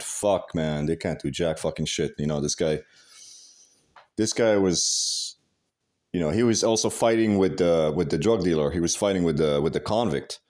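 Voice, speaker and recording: A man's voice: deep voice, darkish tone. A man in a casual rant, profane and agitated, swearing heavily and restarting his sentences. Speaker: vlogger.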